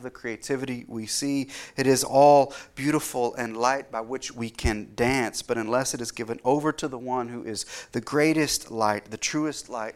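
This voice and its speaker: Male pastor, 30s, mid-pitched; earnest sermon delivery that builds when reading scripture.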